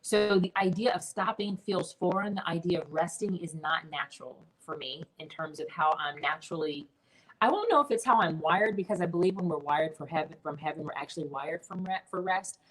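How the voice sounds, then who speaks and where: A middle-aged woman, a business mentor, telling her personal story in an interview in an earnest, animated way. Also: fairly low pitch, brisk, poor audio.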